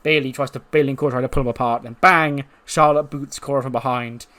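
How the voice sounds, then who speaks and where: A man's voice: medium pitch, fairly even intonation, fast talker, a bit bright. Rambling man narrating a wrestling storyline. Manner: rambling, full of fillers, laughs now and then. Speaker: game let's-play host.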